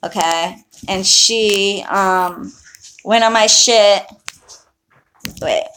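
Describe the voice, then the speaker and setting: A woman's voice: medium pitch, extremely slow, fairly bright tone, a little hiss or hum. Woman witch ranting on her stream, swears a lot, blunt, talks straight to viewers. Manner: profane, heated and blunt; chats with viewers. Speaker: online witch and spell practitioner. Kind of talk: casual livestream rant.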